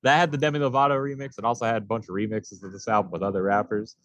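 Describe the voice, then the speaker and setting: A man co-hosting a casual music review podcast, blunt and quick to laugh, swearing casually. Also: fairly low pitch, steady tone, fairly bright tone, dry recording. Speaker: podcast co-host.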